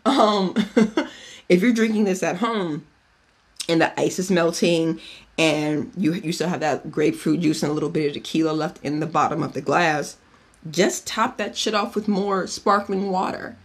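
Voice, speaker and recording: A man's voice: a little high, moderate pace. A man hosting a podcast in a casual chat, giving a cocktail recipe in a chatty, profane way and drifting off on tangents. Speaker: podcast host.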